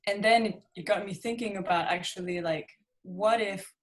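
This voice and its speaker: A woman's voice: medium pitch, normal speed. Laughing woman musician, casual chat. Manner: laughs often, hesitant fillers. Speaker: musician guest.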